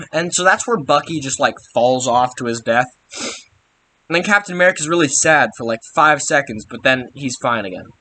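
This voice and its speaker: Rambling young man with a bright voice. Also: medium pitch, lively intonation, normal speed, slight background noise. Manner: rambling, sarcastic, frequent mild swearing substitutes. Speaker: youtuber recapping a film. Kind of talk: casual comedic movie recap.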